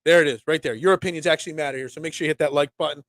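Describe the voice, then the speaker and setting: A young man hosting a casual solo sports talk show, rambling and animated with lots of restarts. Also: a little high, racing, no room sound.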